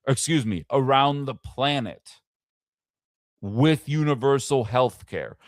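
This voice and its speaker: A man's voice: medium pitch, lively intonation, slow, no echo, clean studio sound. A man hosting a live-streamed political commentary show, making his case with a string of heated rhetorical questions. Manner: impassioned, fires off rhetorical questions.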